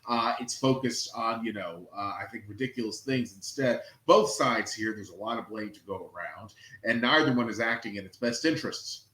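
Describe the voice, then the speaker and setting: A man's voice: on the low side, moderate pace, bright, forceful tone, echoey room, rough recording. A man in a casual discussion, talking in a plain, agreeing way.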